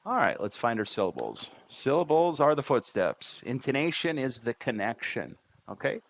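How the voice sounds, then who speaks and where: A man's voice: mid-range voice, big pitch swings, normal speed, fairly bright tone. A man teaching English on a livestream, stressing each syllable and drawing out his intonation. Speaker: English tutor. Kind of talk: livestream language lesson.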